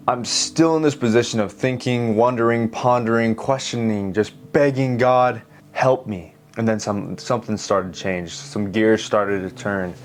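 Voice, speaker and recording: Earnest young man telling his story. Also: mid-range voice. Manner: emphatic, heartfelt, talks straight to viewers. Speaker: art teacher and YouTuber. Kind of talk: earnest storytelling while drawing.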